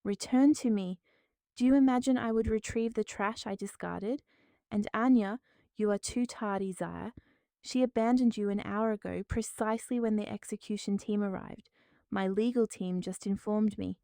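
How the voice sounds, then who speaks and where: A woman voicing a calm, authoritative businesswoman who speaks with cool indifference, in a smooth, mellow voice. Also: mid-range voice, moderate pace, no room sound, close to an everyday voice. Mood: coldly calm.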